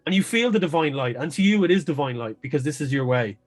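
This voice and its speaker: A man's voice: fairly high pitch, animated, fast, soft background music. A man narrating a tabletop game as game master, describing scenes at length and sometimes restarting phrases.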